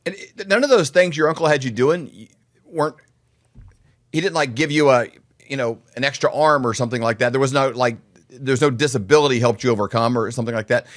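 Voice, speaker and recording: A man's voice: medium pitch, a little fast, no echo. A man co-hosting a business podcast, speaking casually and emphatically, with lots of fillers. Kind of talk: motivational podcast talk.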